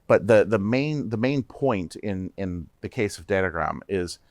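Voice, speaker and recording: Animated man guest on a podcast. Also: lowish voice, measured pace, dry recording, clean studio sound. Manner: animated, with many restarts and repeated words. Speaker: startup CEO guest. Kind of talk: podcast interview.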